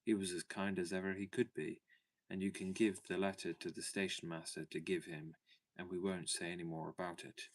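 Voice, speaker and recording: A man voicing a gentle but firm mother speaking to her children in a storybook reading. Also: sits low, level tone, brisk. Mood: firm, tender. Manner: earnest, tender and firm.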